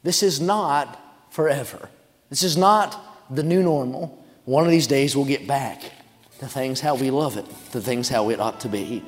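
A man preaching a revival sermon in a church sanctuary, shouting and chanting his points, then dropping into quieter storytelling asides. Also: mid-range voice, moderate pace, faint music behind. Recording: long hall reverb.

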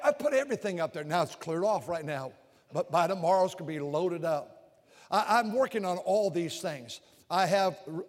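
An older male preacher giving a sermon, animated and repetitive, swinging from loud outbursts to hushed confessions. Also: high-pitched. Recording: long reverb of a large hall.

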